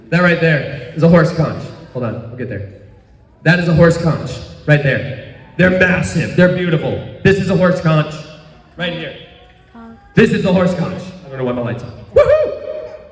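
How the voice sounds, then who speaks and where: A man, telling a story as an animated, exclamatory conference speaker in a sermon. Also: high voice, recorded from a distance. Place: large conference hall stage. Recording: echoey hall, voice from afar.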